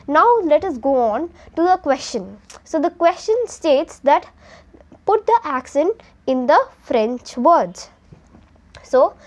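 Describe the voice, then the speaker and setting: Indian lady teacher going thru french homework answers, high voice, switches between hindi and english. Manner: step-by-step, mixes Hindi and English. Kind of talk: explaining a textbook lesson.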